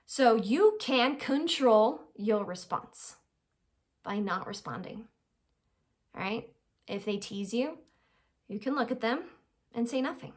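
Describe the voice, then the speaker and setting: Woman with a slightly high voice, teaching life skills in a chatty, conversational way. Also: slow, long pauses. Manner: conversational, keeps checking in with "right?" and "all right?"; acts out quoted people in lively little voices. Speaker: advice host. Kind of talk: informal life-skills lesson.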